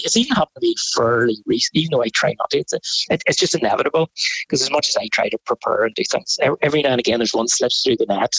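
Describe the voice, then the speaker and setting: Northern Irish man, gravelly, husky, dry close sound, rambling animated chat. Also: medium pitch, dry recording, poor audio. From Northern Ireland. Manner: rambling, animated storytelling with frequent restarts. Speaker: photographer guest. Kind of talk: casual interview chat.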